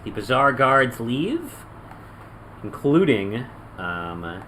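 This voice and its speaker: A man narrating a tabletop game as game master, telling the story with animated flair and sudden loud yells. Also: medium pitch, extremely slow, a little hiss or hum, poor audio. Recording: music playing underneath.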